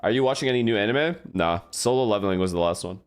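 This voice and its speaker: A man's voice: on the low side, quick pace, smooth. A man in casual, rambling chat, hosting a watch party and talking to his stream chat; his first language is Gujarati. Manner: rambling, animated, swears casually.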